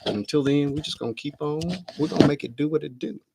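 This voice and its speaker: A man's voice: a little high, steady tone, quick pace, vocal fry, heavy background noise. A man hosting a casual livestream from his home, chatting and muttering to himself as he adjusts his camera, picked up by the camera mic. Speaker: livestream host. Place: at home, indoors.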